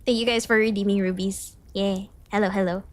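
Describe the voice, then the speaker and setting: Young woman streamer from the Philippines, mid-pitch voice, reads study notes aloud, chirpy asides to chat, a bit self-conscious. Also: steady tone, brisk, no echo. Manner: reads lessons aloud, then jumps to high cheerful greetings to chat. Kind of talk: casual study livestream, reading notes aloud.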